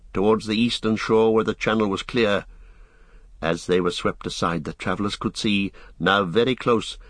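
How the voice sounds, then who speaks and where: A man reading a fantasy story aloud as an audiobook narrator, in a steady storytelling manner. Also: lowish voice, no room sound. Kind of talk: scripted narration.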